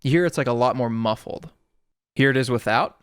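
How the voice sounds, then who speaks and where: Speaking briskly and clearly in a resonant mid-range voice, this music producer walks through sound design in a laid-back tutorial full of "sort of." The studio mic is close and the recording has no room sound.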